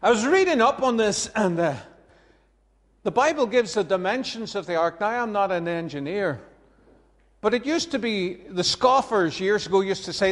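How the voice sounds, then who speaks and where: A man preaches a sermon in a conversational yet emphatic way, chuckling between his points. His voice sits high with lively intonation and a slightly bright quality, moving at a moderate pace, and a long reverb tail trails after his words.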